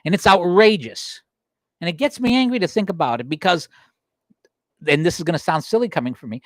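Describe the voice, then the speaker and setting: Impassioned talk host with a lively voice. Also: male voice, a little fast, dry recording, studio quality. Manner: heated, emphatic, pitch rising sharply when worked up. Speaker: political talk show host. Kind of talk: impassioned political monologue. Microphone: livestream desk microphone.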